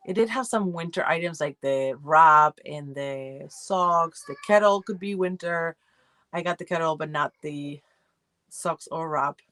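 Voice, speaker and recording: A woman's voice: on the low side, fairly bright tone, no room sound. A woman casually chatting on a livestream about subscription boxes, rambling with fillers and greeting viewers by name. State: feeling cold. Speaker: subscription box reviewer hosting a livestream. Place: home room.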